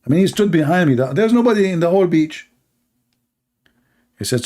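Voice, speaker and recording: Man, slightly higher voice, sarcastic storyteller, mocking commentary, mimics voices. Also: expressive, normal speed, pauses often, warm tone.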